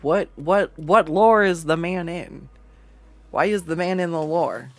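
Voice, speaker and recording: An artist streaming a drawing session, chatting casually, rambling, often laughing and swearing, and jumping up in pitch when acting out quotes. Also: a little slow, no room sound. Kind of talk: casual chat while drawing on a livestream.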